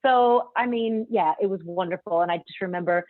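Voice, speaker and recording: A young woman singer telling stories in a casual interview, animated and quick to act out what others said. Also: medium pitch, no echo. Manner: animated, acts out quotes, laughs often. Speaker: singer and guest. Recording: tinny phone-line sound.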